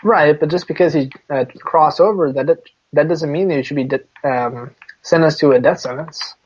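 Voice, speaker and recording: A man's voice: on the high side, moderate pace, husky. A young man co-hosting a casual podcast chat, laughing often and breaking into mocking voices. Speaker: podcast co-host. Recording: dull lo-fi sound.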